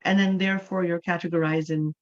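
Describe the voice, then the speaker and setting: A woman's voice: on the low side, flat delivery, a little fast, darkish tone, dull audio. A woman from Canada, a native English speaker, teaching an online English class and explaining things patiently, often checking in with "right?".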